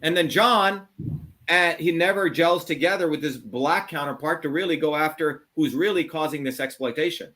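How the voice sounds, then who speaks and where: Here the same kind of call-in host, a middle-aged man, speaks at a moderate pace in a pushed, bright, higher-pitched voice. His heated monologue is blunt and combative, laced with swearing and heavy stress.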